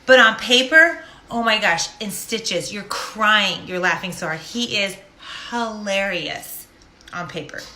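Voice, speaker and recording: A woman's voice: mid-range voice, lively intonation, measured pace, bright, forceful tone. A middle-aged woman telling a personal story to a live audience in a casual, jokey, self-deprecating way. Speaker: host of a live stream. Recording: echoey room.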